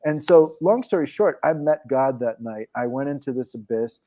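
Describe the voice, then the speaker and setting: A man's voice: medium pitch, lively intonation, normal speed, dull audio. A man as an interview guest, telling a story in casual conversation, rambling with frequent restarts. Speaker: guest, coach and program founder.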